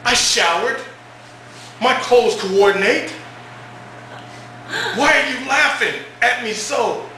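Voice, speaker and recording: A man's voice: very high voice, animated, takes it slowly, pauses often, sharp tone, distant mic, a little hiss or hum, exaggerated voice. A man voicing an anxious, newly divorced man who asks indignant, pleading questions. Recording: echoey room, taped from afar.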